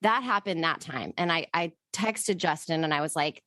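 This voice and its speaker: A woman's voice: low voice, normal speed, hardly any pauses, sharp tone, no room sound. A woman podcast co-host telling a personal story in casual chat, emotional and rambling, swearing freely.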